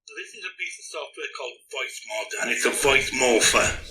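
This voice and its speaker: A man's voice: medium pitch, animated, brisk, crowd noise. A man giving a chatty, joking conference talk with a live demo in a hall. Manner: chatty, joking, self-deprecating. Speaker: conference speaker.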